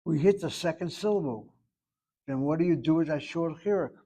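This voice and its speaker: A man's voice: on the high side, fairly quick, warm tone, poor audio. Emphatic American man teaching Hebrew. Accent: American English. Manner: emphatic, blunt, drills grammar points. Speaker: Hebrew instructor. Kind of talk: classroom lecture.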